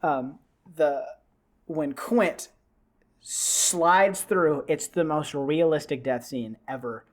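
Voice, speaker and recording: Animated man retelling a movie. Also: a little high, takes it slowly. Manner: animated scene-by-scene retelling with lots of fillers. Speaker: podcast host. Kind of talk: casual podcast chat.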